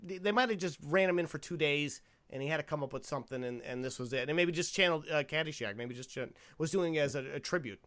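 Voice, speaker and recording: A young man hosting a podcast, chatting casually about a movie in an animated, rambling way and laughing easily. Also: a little high, fast talker, hardly any pauses. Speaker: podcast host.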